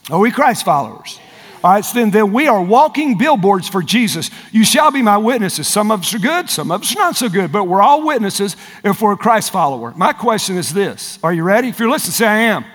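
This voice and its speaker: A male pastor with a drawl preaching to a large congregation, his voice sitting high for a man. He presses his points hard and calls out for responses from the crowd. The sound carries a long reverb from the church hall. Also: very animated, fairly quick. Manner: climbs high and loud when fired up. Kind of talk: sermon.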